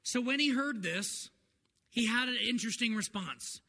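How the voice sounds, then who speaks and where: A man's voice: extremely high pitch, expressive, normal speed, sharp tone. A man, a pastor, preaching a sermon to his congregation in an earnest, conversational way. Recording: long hall reverb, faint noise.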